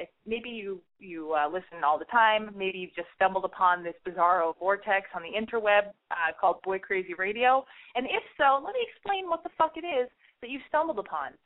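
A woman hosting a call-in advice podcast, talking fast and frantic, swearing freely and mocking herself. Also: mid-range voice. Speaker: podcast host. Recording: tinny phone-like sound.

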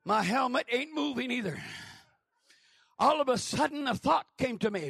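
An older man from New Mexico preaching a sermon, with shouted emphasis and frequent calls of amen. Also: very high voice, lively intonation, moderate pace, vocal fry, pauses often, breathy edge, no echo, clean studio sound. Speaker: pastor.

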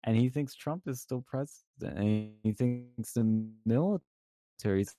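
A man's voice: mid-range voice, a little slow. A man on a podcast telling a story in casual chat, acting out the other side of a conversation and swearing freely. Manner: animated storytelling, acts out quotes, swears.

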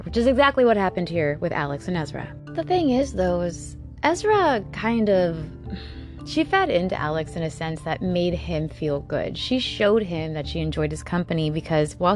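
A woman host narrating a true-crime story in a casual, chatty way, with sarcastic asides to the listener. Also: on the low side. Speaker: podcast host.

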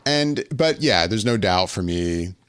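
A man's voice: fairly low pitch, lively intonation, measured pace, fairly bright tone, smooth, dry recording. A man hosting a podcast, chatting casually and rambling, with many fillers and restarts. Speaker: podcast host. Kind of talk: casual chat.

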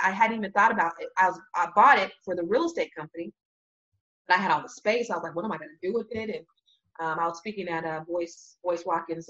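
A woman telling a long story in casual chat, animated, acting out quoted voices and laughing often. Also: lowish voice, dull audio. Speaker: real estate business owner.

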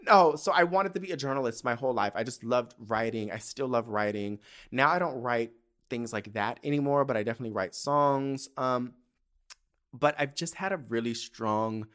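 A man's voice: medium pitch, moderate pace, a bit bright. Young male podcast host, casual solo storytelling, candid and profane, emotional about his past. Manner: candid, profane, emotional, often tearful and laughing.

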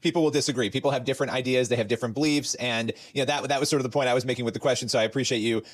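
A man interviewing a student, asking measured, probing questions. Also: mid-range voice, steady tone.

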